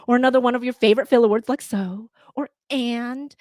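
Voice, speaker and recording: A woman's voice: fairly high pitch, fairly quick, no room sound. Chatty North American woman, dry sound. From Canada. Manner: lively, conversational, uses fillers. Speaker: podcast editor. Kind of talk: talk to listeners.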